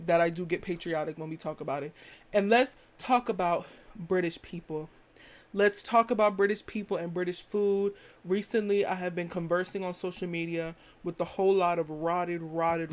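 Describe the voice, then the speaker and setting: A young woman hosting her own show, ranting her opinions in a sassy, dramatic, blunt way and swearing freely. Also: fairly low pitch. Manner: sassy and dramatic, keeps calling the listener "girl". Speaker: podcast host. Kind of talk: casual opinion rant.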